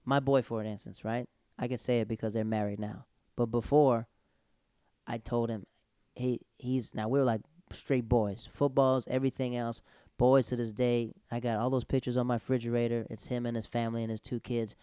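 A man's voice: medium pitch, moderate pace, clean tone, dry recording, studio quality. A man in casual chat, telling stories with energy and acting out what people said. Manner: animated storyteller, acts out quotes.

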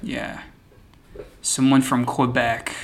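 A man talking casually while planning an improv scene, slow and hesitant with ums. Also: mid-range voice, flat delivery, slight background noise.

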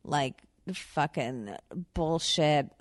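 A woman with a notably low voice hosts a casual podcast, talking in loose, profane rambles packed with fillers and restarts. She sits close to the mic in a dry, dead-sounding space. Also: extremely slow, dry recording. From Long Island, New York. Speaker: podcast host.

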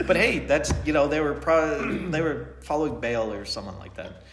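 Guy cohosting a chill chat, kinda high voice, echoey room w/ faint music, acts out the stories. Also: moderate pace. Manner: animated, acts out voices in retellings. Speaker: podcast co-host. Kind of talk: casual chat.

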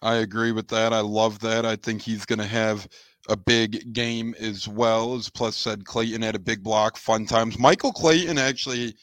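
A man co-hosting a casual sports podcast, upbeat and measured, building on his partner's points. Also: lowish voice, fairly even intonation, fairly bright tone, no room sound. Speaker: podcast co-host.

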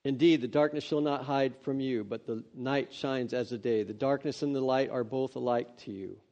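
A man preaching, reading scripture aloud and breaking off into earnest, excitable, conversational asides. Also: mid-range voice, moderate pace. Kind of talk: devotional scripture reading with commentary. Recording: dull lo-fi sound.

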